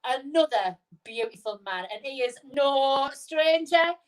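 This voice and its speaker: Cheeky high-voiced British woman host. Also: expressive, a little slow, rough recording. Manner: cheeky, bubbly, laughs often. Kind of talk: casual live-stream chat.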